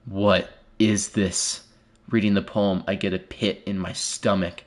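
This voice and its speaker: A male streamer commenting live on a game and reading its text aloud. He swings from hushed, fearful muttering to loud startled outbursts and repeats short phrases again and again. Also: sits low, level tone, measured pace.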